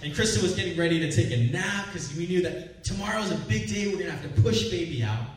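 Young pastor preaching in echoey room. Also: male voice, high-pitched, fast talker, recorded from a distance. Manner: lively storytelling, builds to loud peaks. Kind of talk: sermon with personal story.

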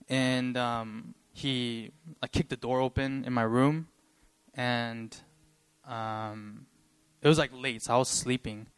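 A young man giving a sermon and sharing a personal story, talking earnestly and haltingly with many pauses, choked up with emotion. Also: mid-range voice, clear, resonant tone. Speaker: preacher.

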